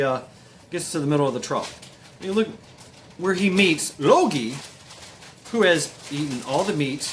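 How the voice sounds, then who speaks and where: A man's voice: on the high side, fairly bright tone, slight background noise. A man casually retelling a myth, rambling and hesitant with many fillers. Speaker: storyteller.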